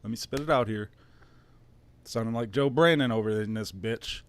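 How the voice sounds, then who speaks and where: A man's voice: mid-range voice, normal speed, dry recording. A man in his thirties with a Detroit-area accent, hosting his own stream in a casual, rambling monologue, sarcastic and profane with mock-emotional asides. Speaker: streamer host.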